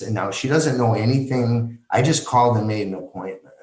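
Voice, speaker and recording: A man guest on a podcast, slowly retelling a deeply personal story with halting restarts and quoted dialogue. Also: reverberant, low-quality recording.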